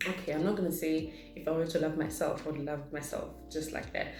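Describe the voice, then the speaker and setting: Woman rambling thru a q&a vlog, lowish voice, roomy echo, faint music under it. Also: mellow. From South Africa. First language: Zulu. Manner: chatty, rambling, reads questions aloud then answers. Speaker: vlogger. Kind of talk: casual get-to-know-me Q&A. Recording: echoey room with faint music.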